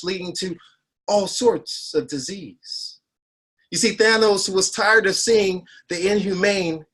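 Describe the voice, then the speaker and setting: A man's voice: high voice, fairly bright tone. A man in his forties, a heart doctor giving a health talk, telling a story with emphatic repeated phrases. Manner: storytelling, rising to emphatic peaks. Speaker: cardiologist speaker.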